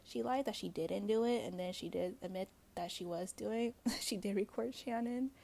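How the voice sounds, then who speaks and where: Woman host, gravelly mellow voice, blunt gossipy solo commentary. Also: medium pitch, normal speed. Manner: blunt, gossipy, swears freely; chatty with frequent fillers and asides. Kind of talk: casual solo commentary to viewers.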